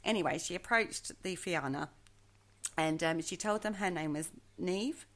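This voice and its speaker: A woman co-hosting a podcast tells a legend in a chatty, hesitant way, teasing herself about her own pronunciation. Her voice sits on the low side and moves at a normal speed, fitting the casual storytelling chat.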